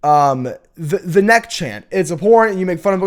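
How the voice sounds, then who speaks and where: A man's voice: high-pitched, big pitch swings, normal speed. A young man hosting a college football show, talking in a casual, opinionated, rambling rant with many restarts.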